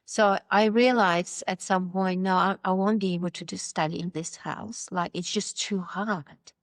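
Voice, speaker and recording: A woman's voice: medium pitch, fairly even intonation, moderate pace, no room sound. A woman from Poland telling her life story as an interview guest, candid and wry, acting out the voices she quotes and laughing often. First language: Polish.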